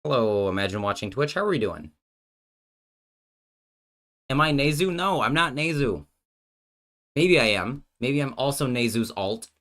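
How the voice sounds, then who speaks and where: A man's voice: mid-range voice, expressive, unhurried, pauses often, fairly bright tone. A man hosting a casual live stream, working out card game plays while joking with his chat and thinking aloud, often breaking off mid-sentence. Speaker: streamer and host.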